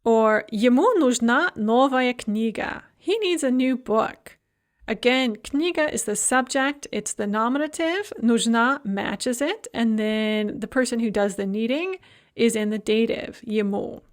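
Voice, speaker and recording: A woman lecturer teaching a language lesson, explaining grammar step by step and slowing down to enunciate each example phrase. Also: a little high, expressive. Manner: explanatory, repeats key points. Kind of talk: recorded lecture.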